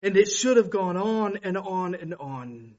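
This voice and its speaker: A man preaching a sermon with passion, swinging from loud exclamations to hushed storytelling. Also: high-pitched, lively intonation, measured pace. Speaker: pastor. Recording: dull lo-fi recording.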